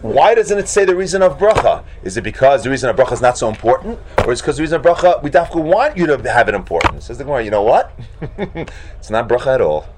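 Animated man teaching a Talmud class. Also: medium pitch, fast, a little hiss or hum. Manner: animated, acts out voices in the debate, bursts into shouts. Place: classroom with students.

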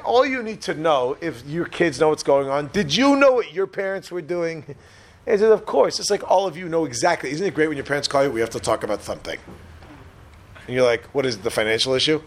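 A man's voice: fairly high pitch, slight background noise. A man giving an informal Torah class in a joking, chatty way, often putting questions to his listeners. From Israel. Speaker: rabbi teaching a class.

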